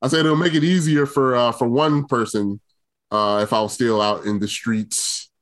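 A man co-hosting a podcast, laid-back in casual banter, chuckling and pausing with uhs. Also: medium pitch, fairly even intonation. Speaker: podcast co-host.

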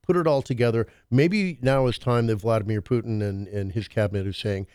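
A man's voice: lowish voice, a little fast, a little mellow, clear, resonant tone, no echo, clean studio sound. A man hosting a talk radio show, musing on current events in a rambling, hesitant way full of fillers. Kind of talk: casual political talk.

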